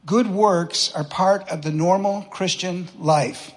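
Male preacher, casual and conversational, slightly raised pitch, echoing sanctuary sound. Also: takes it slowly. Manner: conversational, folksy preaching with rhetorical questions. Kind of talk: sermon. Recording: long reverb of a church hall.

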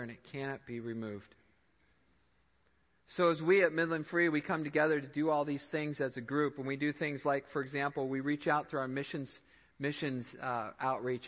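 A male pastor delivers a sermon in a slightly high voice, pushing up and falling back to stress each point. The sound is a little dull, with a long reverb tail from a large church hall. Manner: emphatic preaching, voice rising and dropping for stress. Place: church sanctuary.

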